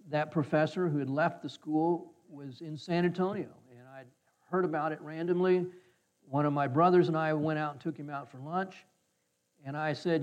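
A man's voice: on the high side, a little mellow. A man preaching a sermon, telling a personal story in a folksy way and acting out the voices of people he quotes. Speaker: pastor. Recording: slightly dull, muffled sound.

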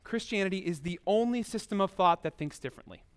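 A man with a notably high voice preaches a sermon as a pastor. He keeps it conversational and speaks straight to his listeners, often with rhetorical questions. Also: lively intonation, fast, clear, resonant tone.

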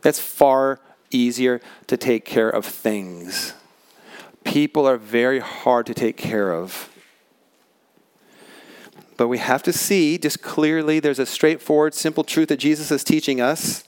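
A man preaching a sermon as pastor, earnest and emphatic, slowing down to stress key words. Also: mid-range voice, darkish tone, clear, resonant tone, no echo. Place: large tent.

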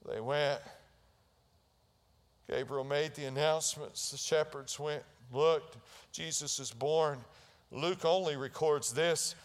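A man's voice: on the high side, long reverb tail. A male pastor preaching a sermon, retelling Bible stories and acting out the voices in them. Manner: storytelling preacher acting out biblical scenes with rising intensity.

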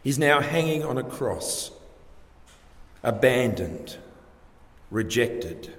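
A man preaches slowly and deliberately, leaning on rhetorical questions. His mid-pitched voice rings through a roomy church hall with a long reverb tail. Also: big pitch swings, fairly bright tone. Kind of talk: sermon.

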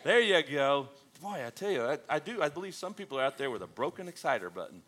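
A man delivers a sermon in a bright, fairly high voice. His pitch leaps and dips freely as he jokes with the congregation and keeps tossing questions at them. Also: quick pace. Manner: animated, joking, calls out to the congregation. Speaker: pastor.

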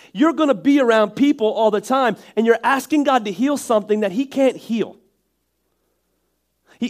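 A high-pitched male pastor with a nasal Northeastern American accent. He preaches in a chatty, joking tone, restarting lines and tossing out asides to the congregation. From Northeastern United States. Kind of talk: sermon.

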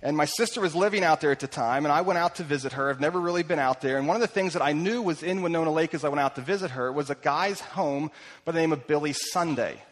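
Animated preacher man in a reverberant hall. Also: a little high, quick pace. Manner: animated, acts out quoted voices, swings between loud and hushed. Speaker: pastor. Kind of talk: sermon.

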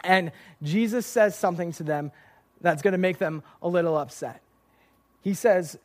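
Young male youth pastor, high voice, chatty storytelling sermon with fillers. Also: moderate pace. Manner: lively storytelling with filler words.

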